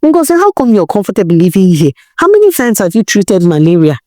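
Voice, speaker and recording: A woman's voice: mid-range voice, sing-song, brisk, mellow, no echo, studio quality, pitched above the performer's own voice, natural voice. A woman voicing two fussy young sisters who complain in a whiny, sneering way. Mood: disdainful.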